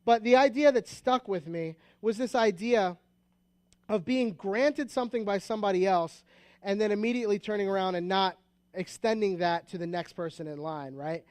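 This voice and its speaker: A man's voice: sits high, moderate pace, darkish tone, no echo. A man with an American accent preaching a sermon, telling the story in a conversational way with asides and restarts. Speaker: pastor.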